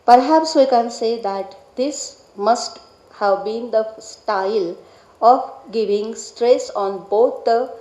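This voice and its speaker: A woman delivers a read academic lecture at a slightly raised pitch, her voice mellow and soft-edged. She speaks in a measured, deliberate way and takes care over each technical term. The sound is roomy, with the echo of a hall. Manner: measured, deliberate delivery with careful pronunciation of Sanskrit terms. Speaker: scholar presenting a paper.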